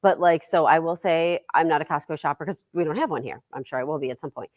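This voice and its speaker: Low-voiced female morning show host. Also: fast talker, dry recording, clean studio sound. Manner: easygoing, laughs readily, conversational. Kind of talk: casual chat. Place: TV studio.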